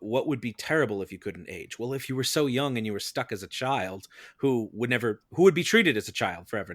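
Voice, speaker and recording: A man on a podcast, arguing his case in a measured, explanatory way and building it step by step. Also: on the low side, dry recording. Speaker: defense advocate on a mock-trial film podcast. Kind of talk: casual podcast debate.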